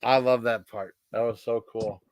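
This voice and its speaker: A man chatting casually on a live stream, easygoing and hesitant, pausing on fillers as he searches for names. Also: medium pitch, fairly even intonation, no room sound. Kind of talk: casual chat.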